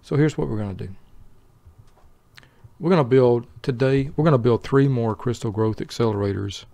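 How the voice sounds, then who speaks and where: An older man giving easygoing, slow gameplay commentary meant to help people fall asleep, muttering to himself and bantering with an imagined buddy. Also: mid-range voice, vocal fry, mellow, dry recording. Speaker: let's play host.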